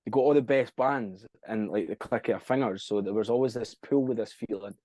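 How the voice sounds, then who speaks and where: A man's voice: lowish voice, brisk, a little mellow, dry recording. A young Scottish man, a band frontman, chatting casually as a podcast guest, rambling, swearing freely and losing track of dates. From Scotland. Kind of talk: casual interview chat.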